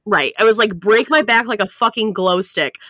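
A woman's voice: medium pitch, moderate pace, dry recording, studio quality. A young woman co-hosting a casual chat podcast, telling stories animatedly and acting out quoted lines with frequent laughter. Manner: animated storytelling, acts out quotes, laughs often. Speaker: podcast co-host.

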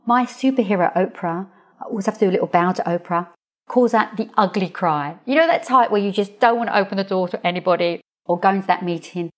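A woman hosting her own podcast as a coach, talking straight to listeners with expressive, playful storytelling. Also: mid-range voice, quick pace. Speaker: podcast host, coach and hypnotherapist. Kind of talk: solo podcast monologue.

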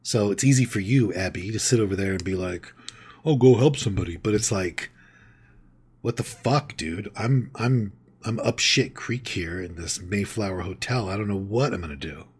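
A man voicing a frantic modern man who rambles and swears while venting to his sponsor, with a husky low voice. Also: normal speed. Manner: whiny, profane, rambling.

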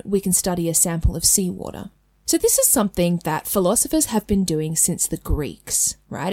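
A chatty Australian woman hosts a casual lesson, often checking in with "right?" and "okay?" and slipping in light laughs. Her voice sits at an ordinary pitch. The recording is close and dry, with no room sound. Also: a little mellow, dry recording. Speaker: host. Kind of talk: casual educational talk.

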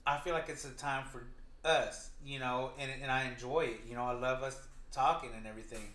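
A man in his thirties co-hosting a podcast in casual chat, loud, slangy and jokey. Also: medium pitch, fairly even intonation, brisk, echoey room. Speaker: podcast co-host.

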